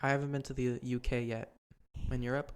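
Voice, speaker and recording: A man's voice: mid-range voice, little pitch movement, fairly quick, a little hiss or hum. A young man hosting a casual podcast with his sister. His mid-range voice wanders through thoughts, full of "like" and "um". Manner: rambling, many fillers and "like". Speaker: podcast host. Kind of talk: casual chat.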